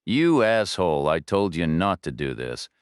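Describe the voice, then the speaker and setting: A man voicing a furious, panicking male finance director who shouts insults while out of breath. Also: deep voice, very animated, normal speed, clear, resonant tone, no echo, clean studio sound.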